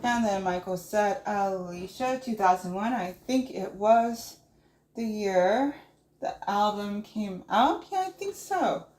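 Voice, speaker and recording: A woman's voice: mid-range voice, expressive, slow pace, darkish tone. A woman hosting a casual livestream, reading viewer messages aloud and musing on them. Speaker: livestream host. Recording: roomy echo.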